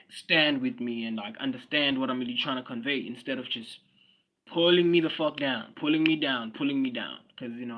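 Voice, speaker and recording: Slangy South African man livestreaming. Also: medium pitch. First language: Swati. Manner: repeats himself, slangy and blunt, talks to viewers' comments. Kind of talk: casual livestream chat. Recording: dull lo-fi stream audio.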